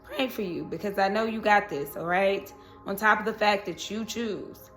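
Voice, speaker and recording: A woman's voice: medium pitch, normal speed, fairly bright tone, faint music behind. A woman reading tarot cards in a casual chat, who keeps checking in with "okay?" and "you know". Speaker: tarot reader.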